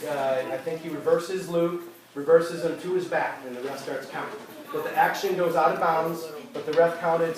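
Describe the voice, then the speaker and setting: A man, a youth wrestling coach, retelling a season's matches to his team in an animated way, full of fillers and restarts. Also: on the high side. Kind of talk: end-of-season speech to a team. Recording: roomy hall, voice from far off, crowd noise.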